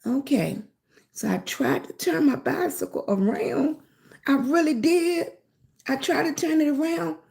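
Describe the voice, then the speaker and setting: A woman telling a childhood story on a live stream, animated, repeating phrases and filling pauses with mm-hmm. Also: extremely high pitch, gravelly. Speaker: lifestyle blogger on a livestream.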